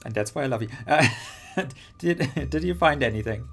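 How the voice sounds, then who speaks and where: A man's voice: mid-range voice, expressive, unhurried, creaky, pauses often, a bit bright. Man streaming a story game, music behind. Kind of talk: reading a narrative game aloud with commentary.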